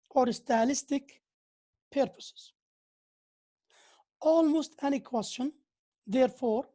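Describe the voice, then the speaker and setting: A woman's voice: sits high, darkish tone. A woman lecturing on grammar who often repeats key phrases and reads out examples. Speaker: university lecturer. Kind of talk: slow lecture on English grammar.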